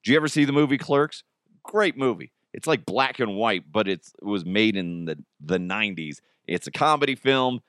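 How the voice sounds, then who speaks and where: A man's voice: low voice, a bit bright, no room sound, clean studio sound. A man hosting a podcast in a casual, jokey, rambling way, his voice strained and worn. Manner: jokey, rambling, quick to laugh. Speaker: podcast host.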